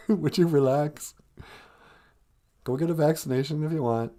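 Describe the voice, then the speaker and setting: A man's voice: on the high side, measured pace, pauses often, dark tone. A man hosting a comedy podcast, ranting in a sarcastic, mocking way. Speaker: podcast host. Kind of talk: satirical comedy rant.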